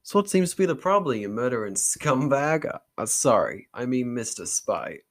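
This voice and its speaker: A man's voice: medium pitch, big pitch swings, normal speed. A young man voicing a hostile doctor with a vaguely Canadian accent, who talks mock-politely through gritted teeth in a dramatic story reading. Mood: sneering.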